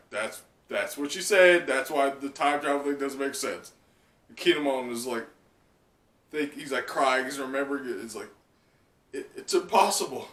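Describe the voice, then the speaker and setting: A man giving casual live reaction commentary, chatty and excitable, leaning on "like" as he talks. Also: mid-range voice, normal speed. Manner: excitable, chatty, heavy use of "like". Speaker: manga reaction channel host. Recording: roomy sound from a distant mic.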